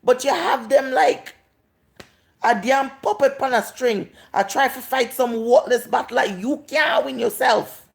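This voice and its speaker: A vlogger in her late thirties with a Jamaican accent rants and scolds on a live stream, drawing out words for emphasis. Her voice is fairly high, gravelly and unhurried.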